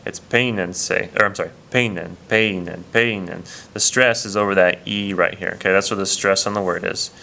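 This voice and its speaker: Bright-toned man teaching a lesson. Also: deep voice, fairly quick, gravelly, few pauses, a little hiss or hum. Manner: relaxed, explains step by step with many fillers. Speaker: Spanish teacher. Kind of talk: casual video lesson.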